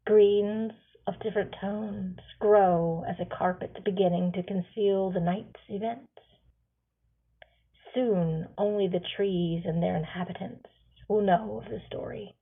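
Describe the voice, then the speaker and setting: A woman author reading her own fantasy novel aloud, slow and hushed at the grim parts. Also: medium pitch, fairly even intonation, husky. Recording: tinny phone-like sound.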